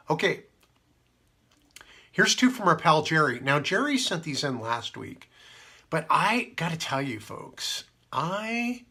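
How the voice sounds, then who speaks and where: A man's voice: medium pitch, creaky, bright, forceful tone, slightly rough. A man hosting a casual radio show, rambling through stories with many fillers and asides. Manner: meandering, full of fillers and asides. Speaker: radio host.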